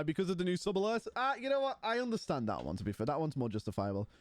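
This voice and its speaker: A man's voice: fairly high pitch, lively intonation, rapid-fire, few pauses, no room sound. A man streaming live, chatting casually and teasing his viewers with playful banter. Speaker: Twitch streamer.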